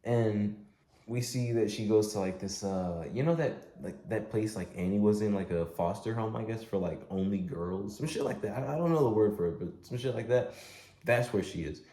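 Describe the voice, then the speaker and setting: A man's voice: lowish voice, moderate pace, mellow. A young man recapping a movie in a casual, rambling way, full of slang, filler words and swearing. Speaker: movie reviewer. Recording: roomy echo, faint noise.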